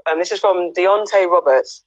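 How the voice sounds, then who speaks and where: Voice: medium pitch, moderate pace, no room sound. Dry lo-fi interview host. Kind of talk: casual interview over a live stream.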